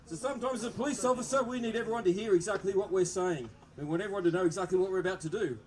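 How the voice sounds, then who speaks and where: A man with an Australian accent presenting a police demonstration to a crowd outdoors, joking and chatting with the children over a loudspeaker microphone. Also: high-pitched, very fast. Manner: jokey, upbeat, chatting with the kids in the crowd. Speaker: police presenter at a public open day. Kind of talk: public address to a live crowd. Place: outdoor public event. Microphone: microphone through loudspeakers.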